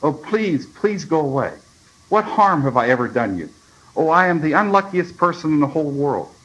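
A man voicing a frightened young boy in a storybook reading, high and pleading. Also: lively intonation, brisk, lightly acted, rough recording.

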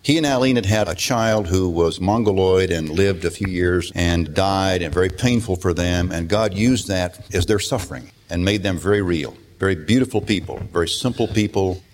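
A man's voice: sits low, normal speed, hardly any pauses, a little hiss or hum. An older man preaching a sermon in a conversational, storytelling way. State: emotional at times. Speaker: pastor.

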